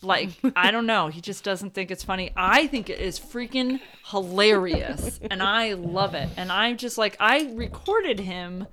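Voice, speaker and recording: Chatty mom sharing kid stories. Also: female voice, medium pitch, lively intonation, measured pace, few pauses, bright, forceful tone, a little hiss or hum. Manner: chatty, laughing, storytelling. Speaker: parent on a podcast. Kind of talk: casual chat.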